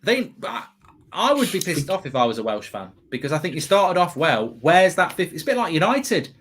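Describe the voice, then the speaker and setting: A man hosting a live football watchalong, chatting excitedly with frequent restarts. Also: a little high. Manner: excitable, quick restarts and self-corrections. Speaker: host.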